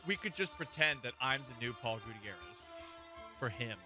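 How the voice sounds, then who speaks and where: A man's voice: medium pitch, animated, moderate pace, music in the background. A man hosting a sports talk radio show, opinionated and joking as he riffs on football. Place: radio studio.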